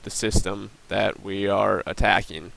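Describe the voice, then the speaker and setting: Young male student presenter, lowish creaky voice, plain explanatory delivery for a recorded screen demo. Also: steady tone, unhurried, fairly bright tone, poor audio. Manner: plain explanatory, walks through steps with um and uh.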